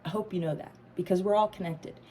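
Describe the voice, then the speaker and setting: With a fairly low voice, fairly even intonation, and a fast delivery, a woman does a casual tarot reading to camera over background noise. She's emphatic, curses freely, laughs, and grows emotional.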